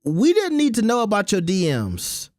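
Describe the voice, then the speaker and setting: A man's voice: high-pitched, wildly swooping pitch, normal speed, darkish tone, no echo, studio quality. A man hosting his own commentary channel, giving blunt, opinionated takes in a casual rant.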